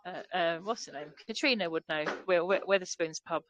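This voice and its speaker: A woman's voice: lowish voice, a little fast, noisy background. A woman with a London accent chatting and laughing on a group video call from a pub. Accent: London English. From England. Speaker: fellowship member.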